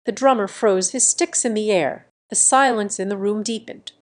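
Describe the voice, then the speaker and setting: A woman reading a first-person revenge story aloud in a measured, deliberate scripted narration. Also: mid-range voice.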